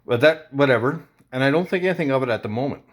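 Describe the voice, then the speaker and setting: A man vlogger casually recounting a confrontation in an animated, indignant way. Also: medium pitch, quick pace. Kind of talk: casual storytelling to camera.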